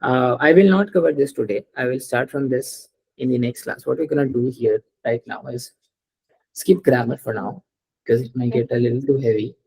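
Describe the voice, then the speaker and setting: A patient language teacher walks through each example and repeats it. The voice is dark and mellow, with a husky edge. The teacher keeps checking whether the student follows. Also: medium pitch, moderate pace, poor audio. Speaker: French teacher. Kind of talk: live online language lesson.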